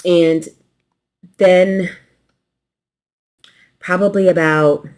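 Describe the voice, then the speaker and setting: Relaxed Southern-tinged woman quilting vlogger. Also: lowish voice, very slow. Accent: light Southern US. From New York. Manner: relaxed, rambling, swallows consonants. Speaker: quilting channel host. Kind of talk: casual unboxing chat.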